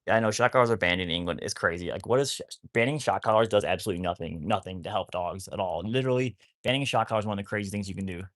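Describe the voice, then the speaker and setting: A man's voice: low voice, rapid-fire, a bit bright. A man rambling casually to viewers on a live stream about rescuing wolfdogs, often cooing at his dogs.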